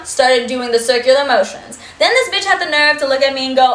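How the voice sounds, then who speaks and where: A woman's voice: high voice, fairly quick, fairly bright tone. A young woman telling a story to camera in a blunt, sarcastic way, swearing often. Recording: echoey room with faint noise.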